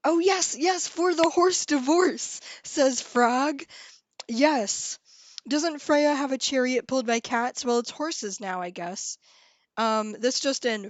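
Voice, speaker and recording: A woman's voice: high voice, no echo. A woman hosting a live stream, chatting casually and giggling as she reads viewers' comments.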